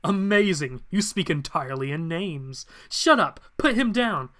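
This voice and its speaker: A man voicing a brash, hot-headed young male robot captain who shouts excitedly. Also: on the high side, normal speed, natural voice. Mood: agitated.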